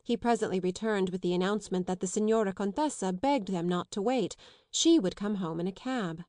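A woman narrating a classic novel as an audiobook, reading steadily and clearly. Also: medium pitch, brisk, a little mellow, dry recording, studio quality. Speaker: audiobook reader. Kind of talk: scripted literary narration.

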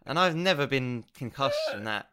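A man's voice: medium pitch, wildly swooping pitch, a little slow, heavy background noise. A man, chatting expressively and laughing on a casual podcast. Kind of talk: casual chat.

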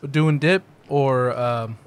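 A man on a casual podcast, asking questions quickly and laughing along with the others. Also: medium pitch, clear, resonant tone.

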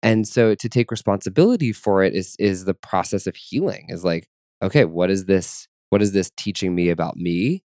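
Man, very low voice, earnest, reflective chat, dry close sound. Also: normal speed, darkish tone, no echo. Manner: earnest, searching, many fillers and restarts. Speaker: guest.

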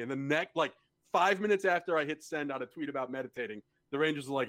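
A man's voice: on the high side, fast, a bit bright. Blunt, swearing man ranting casually. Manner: blunt, swears freely, exasperated. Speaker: podcast co-host. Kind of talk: casual chat.

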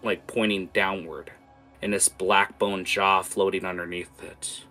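A man's voice: deep voice, little pitch movement, measured pace, pushed and bright, soft background music. A man running a tabletop game as game master, narrating scenes vividly with many fillers.

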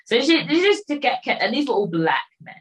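A woman's voice: high-pitched, big pitch swings, a little fast, poor audio. A woman, casually retelling a film plot in a rambling way, acting out the lines of the people in it. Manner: rambling retelling with quoted voices and filler. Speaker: storyteller recapping a film. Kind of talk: casual chat.

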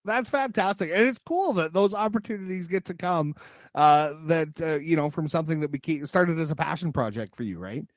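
A man's voice: on the high side, expressive, brisk, no room sound. A man hosting a podcast, interviewing his guest in a friendly, teasing, casual way. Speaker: podcast host.

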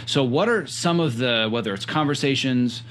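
A man's voice: mid-range voice, normal speed, slight background noise. A man hosting a podcast, asking reflective questions in a thoughtful way. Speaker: podcast host.

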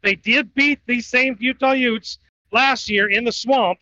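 High, bright-voiced man picking bets. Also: a little slow, slight background noise. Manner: rambling, self-correcting picks. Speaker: sports betting podcast co-host. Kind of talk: casual sports betting talk. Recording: dull lo-fi audio.

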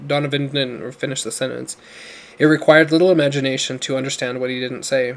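A man with a medium-pitched voice reads a novel aloud as an audiobook, his narration steady and measured.

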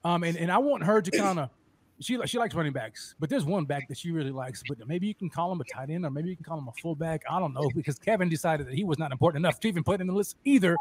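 A man hosting a casual sports fan show, excitable and restarting his sentences with repeated words. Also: fairly high pitch, quick pace, slight background noise. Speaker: host.

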